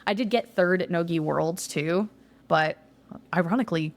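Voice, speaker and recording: A young woman with a slightly low voice tells the story of her competitions in a relaxed interview. She talks in a loose, chatty way, sprinkling in "like" and swearing now and then when she gets excited. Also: moderate pace. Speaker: guest, jiu-jitsu competitor.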